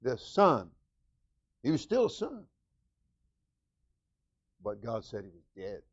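A man preaching a sermon as senior pastor, animated and calling out to his congregation. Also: medium pitch, slow, highs cut off. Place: church.

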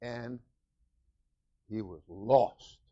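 A man preaching a sermon as senior pastor, animated and calling out to his congregation. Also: medium pitch, drawn-out words, lo-fi sound. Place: church.

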